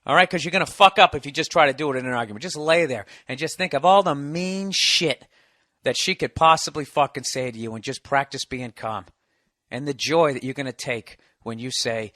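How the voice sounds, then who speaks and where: Male podcast host, forceful bright voice, foul-mouthed riffing advice, dry close sound. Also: medium pitch, normal speed, dry recording. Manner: profane, riffing and emphatic. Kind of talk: comedic advice rant.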